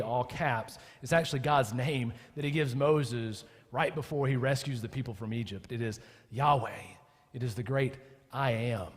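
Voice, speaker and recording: In a church with a big-room sound, an adult male pastor with children preaches a sermon in a medium-pitched voice. He chats casually with his congregation, then builds to impassioned emphasis.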